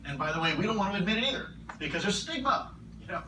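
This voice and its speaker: At a large conference hall, a male keynote speaker with a high, sing-song voice answers audience questions in an earnest, measured way, often repeating his words. The recording is noisy and roomy, captured from a distant mic.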